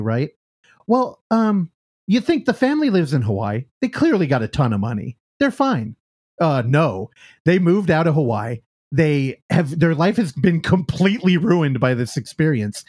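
A man's voice: a little high, a little mellow. A man co-hosting a podcast, recapping a show in a casual, profane way and acting out the characters' lines. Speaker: podcast co-host.

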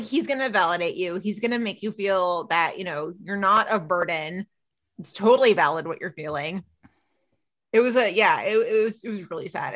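A woman hosting a podcast, retelling a TV episode in casual chat and acting out the characters' lines. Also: mid-range voice. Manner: animated, acts out characters' lines while retelling. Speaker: podcast host.

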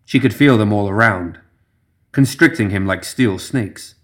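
A man reading a dark fantasy story aloud in measured, even scripted narration. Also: lowish voice.

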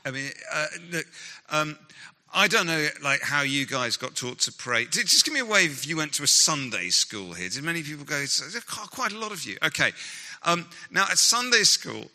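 Bright-voiced man on a hall stage. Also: on the high side, very animated. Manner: enthusiastic storyteller, quick asides and impressions. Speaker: guest author and Christian leader. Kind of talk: animated talk to a live audience. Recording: long hall reverb.

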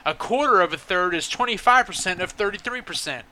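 A man's voice: sits high, animated, fairly quick, sharp tone, a little hiss or hum. A man co-hosting a podcast in casual chat, telling rowdy stories, swearing freely and arguing his point stubbornly. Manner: rowdy storyteller who swears and argues stubbornly. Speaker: podcast co-host.

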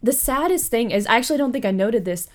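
A woman hosting a podcast. She retells a story in a casual, animated way, with profane asides. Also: fairly high pitch, fast talker. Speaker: podcast host.

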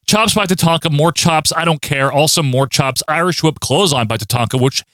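A man co-hosting a casual podcast, recapping matches in wry deadpan play-by-play. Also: a little high, a little fast, no room sound, clean studio sound. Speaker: podcast co-host recapping wrestling. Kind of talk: casual chat.

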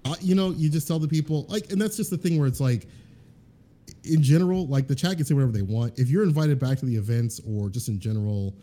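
Brief: male podcast guest, deep, mellow timbre, earnest and rambling delivery, loose chat. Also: fast. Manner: rambling, filler-heavy, earnest. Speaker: guest fighting game commentator.

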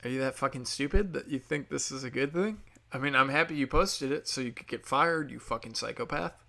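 A man with a gravelly, fry-tinged voice holds forth as host of his own show. He rants with anger and heavy profanity. He often slips into sarcastic imitations of the people he is mocking. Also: medium pitch, brisk, pushed and bright. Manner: mocks others in put-on voices. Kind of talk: ranting political commentary.

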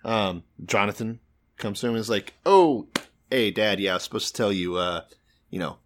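A man's voice: lowish voice, fairly even intonation, a little fast, a bit bright, slight background noise. A man casually retelling a Bible story with profane, sarcastic humor as a podcast co-host.

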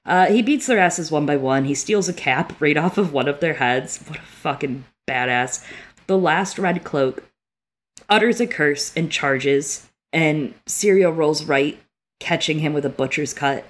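A woman's voice: deep voice, unhurried. A woman co-hosting a casual book podcast, reading passages aloud and reacting with emotion and frequent swearing. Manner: emotional, swears freely, tearful while reading. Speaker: podcast co-host.

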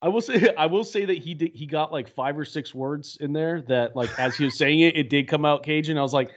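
A man's voice: fairly high pitch, a little fast, muffled recording. A man co-hosting a podcast, chatty and wry in casual movie talk. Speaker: podcast co-host. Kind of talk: casual movie-review banter.

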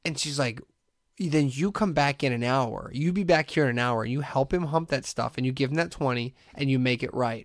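This podcast co-host has a mid-range voice and a brisk delivery, recorded at studio quality without room sound. Spinning a long tale in relaxed conversation, he voices the characters himself and laughs a lot.

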